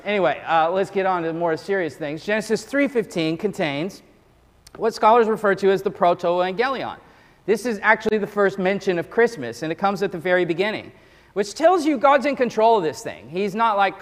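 A male pastor preaches with a high, light voice, telling stories in a loose, joking way. His sermon carries the long reverb of a big hall. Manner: conversational, joking storyteller.

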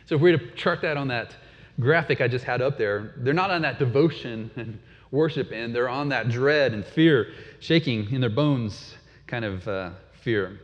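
A man preaches a sermon conversationally, frequently posing questions to his listeners. His voice is mid-range at a moderate pace, and the sound is dull with long hall reverb.

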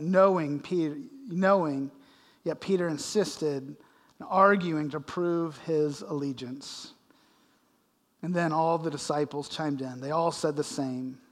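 Man preaching in a reverberant hall. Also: fairly high pitch. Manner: expository preaching with dramatic readings of scripture. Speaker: pastor. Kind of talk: sermon. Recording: long reverb of a large hall.

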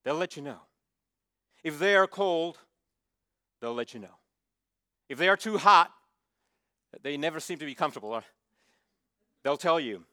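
Emphatic high-voiced male preacher. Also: animated, measured pace, long pauses, bright, forceful tone, no room sound, studio quality. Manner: emphatic, asks the congregation to fill in words. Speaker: pastor. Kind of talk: sermon.

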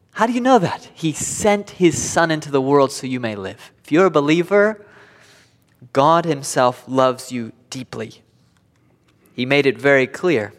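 Emphatic preaching man in reverberant hall. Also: a little high. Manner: emphatic preaching with sharp swings between loud declarations and hushed passages. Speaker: pastor. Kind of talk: sermon.

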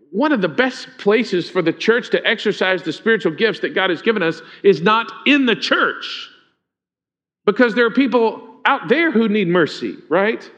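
Pastor, male, higher voice, chatty sermon delivery with questions to the room, dull lo-fi recording. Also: a bit bright. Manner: informal, asks the congregation questions. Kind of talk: conversational sermon. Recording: dull lo-fi sound.

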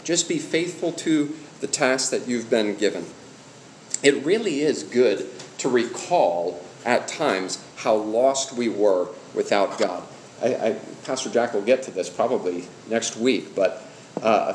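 A middle-aged male pastor teaches a church class in an easy, conversational way, asking the group questions and telling personal stories. His voice sits at an ordinary middle pitch for a man. It echoes through a roomy hall, with a faint hum behind it. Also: lively intonation, unhurried, darkish tone.

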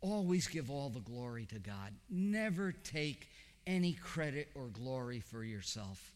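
A man preaching a sermon as pastor, swinging from high emphatic questions down to low, quiet reassurance. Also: sing-song, unhurried, big-room sound.

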